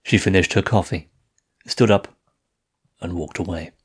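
A man narrating a first-person audiobook in a measured, steady reading voice. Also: low voice, slightly rough.

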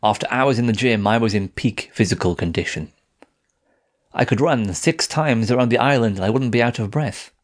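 A man narrating a first-person audiobook in a measured, steady reading voice. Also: mid-range voice.

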